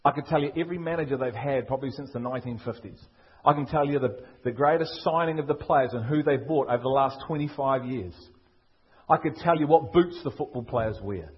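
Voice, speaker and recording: A man's voice: medium pitch, a little fast, slightly rough, highs cut off. A man with a Liverpool accent preaching a sermon, emphatic and full of rhetorical questions. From England. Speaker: pastor.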